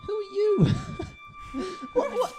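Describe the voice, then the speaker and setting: A woman plays a whiny little boy with a very high, squeaky voice. The words come slow and drawn out, with a lot of rise and fall. Live music plays in the background. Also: expressive. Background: live instrument music.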